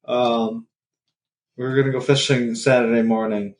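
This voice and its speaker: A man with an ordinary mid-range voice, co-hosting a casual podcast. He tells a story from his weekend in a relaxed, joking way and laughs at himself as he goes. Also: mid-range voice, moderate pace. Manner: easygoing, joking, laughs at his own stories. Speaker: podcast co-host.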